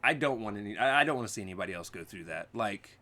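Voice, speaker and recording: A man's voice: fairly low pitch, animated, fast, bright, forceful tone. A man co-hosting a casual podcast, who gives blunt, opinionated takes and swears freely. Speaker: podcast co-host; parent. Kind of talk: casual chat.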